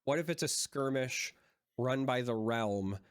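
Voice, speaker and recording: A man's voice: mid-range voice, unhurried, clean tone, no room sound. A man in the middle of a casual podcast chat, co-hosting and thinking aloud as he goes. He often stops and restarts mid-sentence, in a mid-range voice. The sound is close and dry. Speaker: podcast co-host.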